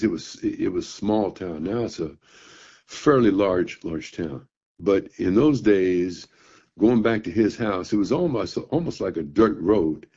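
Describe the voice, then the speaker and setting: Older male storyteller, husky and gravelly, casual and halting, dull lo-fi sound. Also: deep voice, warm tone. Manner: halting, with fillers and repeated words. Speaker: blues musician telling a story to an interviewer. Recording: dull, muffled recording.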